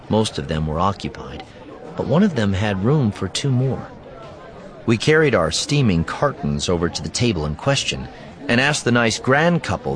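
A man narrating a first-person story in a dry, wry manner. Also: sits low.

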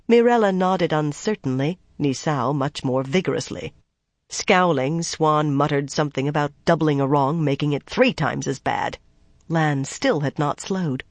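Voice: mid-range voice, no room sound. Dry-sounding audiobook narrator. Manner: measured, even storytelling. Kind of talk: scripted narration.

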